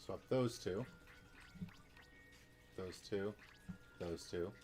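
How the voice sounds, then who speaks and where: A man's voice: deep voice, drawn-out words, darkish tone, soft background music. A man casually commenting on a video game, reading the text aloud and talking himself through puzzles. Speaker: let's play gamer.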